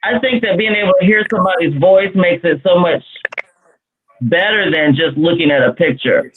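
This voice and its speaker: A man's voice: high-pitched, moderate pace. A man joining a casual chat as a guest, chatty and agreeable. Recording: phone-like line with crowd noise.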